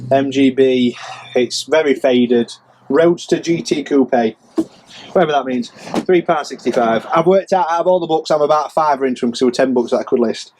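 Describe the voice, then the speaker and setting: Male reseller, casual self-mocking ramble, mid pitch, faint background noise. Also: a little fast, darkish tone. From England. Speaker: reseller vlogger. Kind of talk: casual rambling sales update.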